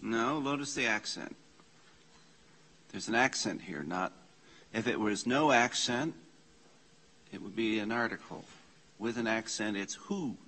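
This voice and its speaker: A man leading an informal church class, slowly reading out Greek scripture and explaining the grammar with casual asides. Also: lowish voice, expressive, sharp tone, a little hiss or hum. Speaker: Bible study teacher. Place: church meeting room.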